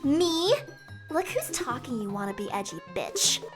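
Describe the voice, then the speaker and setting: A woman's voice: sits high, big pitch swings, unhurried, music in the background, voice pushed down. A woman playing a snappy, bratty teen girl. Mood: bratty taunting. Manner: snappy, mocking.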